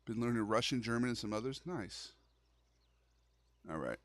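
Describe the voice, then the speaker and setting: Animated and at a moderate pace, a young man with a mid-range voice streams a horror game in an echo-free recording. His easygoing gaming chat is full of slang, and he keeps calling viewers "bro."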